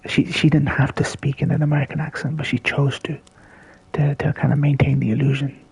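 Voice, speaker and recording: A man's voice: on the high side, little pitch movement, fairly quick, gravelly, a little mellow, husky, no room sound, low-quality recording. A man giving casual, rambling livestream commentary over a video game, swearing freely, restarting his sentences and often dropping to a near-whisper. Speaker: gameplay commentator.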